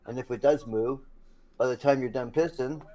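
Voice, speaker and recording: A man's voice: mid-range voice, moderate pace, dark tone. A man in his fifties telling a funny road-trip story in casual chat, swearing and laughing along the way. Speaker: streamer telling stories.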